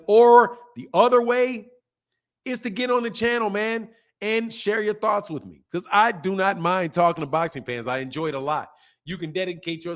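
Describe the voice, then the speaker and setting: A man's voice: high voice, fairly bright tone. A man hosting a live call-in boxing show, talking in a laid-back, chatty, slangy way. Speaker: host.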